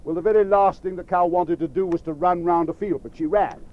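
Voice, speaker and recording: Man, children's storyteller, lively, playful, higher voice, dull lo-fi recording. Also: fairly quick. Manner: lively, playful, speaks directly to listeners. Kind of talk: telling a children's story to a live audience.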